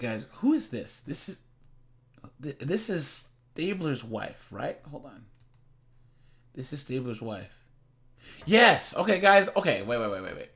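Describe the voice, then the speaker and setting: A man's voice: mid-range voice, fairly bright tone. A man hosting a reaction channel, chatting casually and rambling, repeating words and laughing often.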